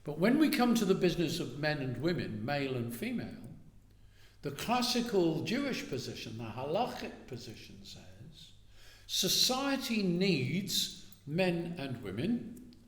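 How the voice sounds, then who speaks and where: A man lectures on classical Jewish thought, lively and conversational, acting out small exchanges as he goes. His voice sits a little high and swings widely in pitch. The hall around him is roomy and echoing. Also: a little slow. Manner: animated, acts out little dialogues, asks "right?". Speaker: speaker giving a talk on Jewish thought. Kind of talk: lively lecture to a synagogue audience. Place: synagogue hall. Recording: echoey hall.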